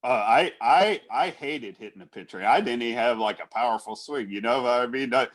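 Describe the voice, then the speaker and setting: A man's voice: mid-range voice, fairly quick. A man co-hosting a casual sports talk show, speaking conversationally with many restarts and frequent laughter. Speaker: podcast co-host. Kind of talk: casual chat.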